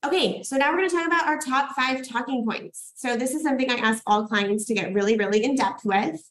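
A woman's voice: high-pitched, fairly quick, fairly bright tone, poor audio. A young woman hosting a workshop as a podcast coach, enthusiastic and hyped, swearing casually as she cheers people on.

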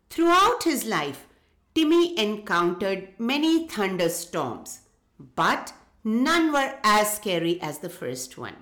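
Slow, lively woman reading a children's story. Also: mid-range voice. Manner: gentle, addresses children directly. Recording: echoey room.

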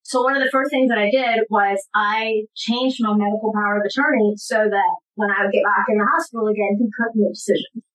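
A woman guest giving personal testimony in an interview, earnest and emphatic, with halting restarts. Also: medium pitch, steady tone, fairly bright tone, poor audio.

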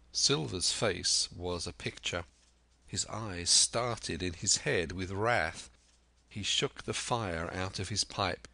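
A man narrates a classic adventure story in a deep, unhurried voice. His tone is bright and forceful, and the sound is dry and close-miked, like a studio audiobook. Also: vocal fry, no echo. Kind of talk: scripted narration.

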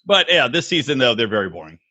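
A man co-hosting a podcast, chatting casually and swearing, mocking people by quoting them in high voices. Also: fast talker, dull audio. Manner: animated, profane, mocking quotes in high voices. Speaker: podcast co-host. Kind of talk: casual chat.

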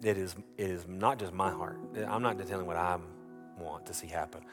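Male pastor, low-ish voice, storytelling sermon with many restarts, music bed underneath. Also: a little fast.

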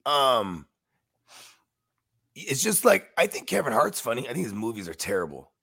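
A man's voice: mid-range voice, wildly swooping pitch, moderate pace, gravelly, pushed and bright, husky, no room sound, studio quality. A man co-hosting a podcast, chatting in a laid-back, slangy way. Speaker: podcast co-host. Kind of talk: casual chat.

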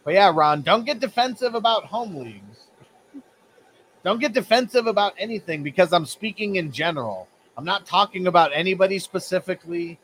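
A man's voice: sits high, expressive, brisk, a bit bright, a little hiss or hum, rough recording. Profane, teasing man live-streaming fantasy football. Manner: profane, teasing, rambling with many fillers. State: coughing between phrases. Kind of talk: casual live-stream chat with viewers.

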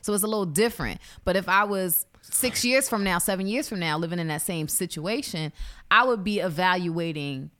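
A woman's voice: on the low side, brisk, a bit bright. A woman in her thirties, a guest on a casual podcast chat, talking emphatically and climbing to shrieks of disbelief. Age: 30s.

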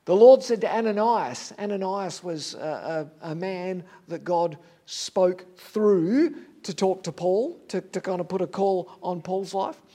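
A high, light male voice delivers a sermon at a slow pace with hardly any pauses. The tone is warm, and he preaches earnestly, using repeated phrases for emphasis.

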